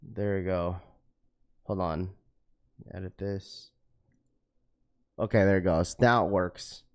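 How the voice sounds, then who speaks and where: A man's voice: sits low, steady tone, takes it slowly. A man hosting a casual livestream, greeting viewers by name. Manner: laid-back, many fillers, greets viewers by name. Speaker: livestream host.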